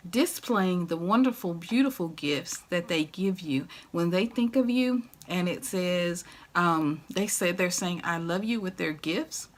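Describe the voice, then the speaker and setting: A woman's voice: on the low side, a little slow. A middle-aged woman, chatting to camera in a home decor vlog, gushing and laughing often. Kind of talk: casual chat to camera.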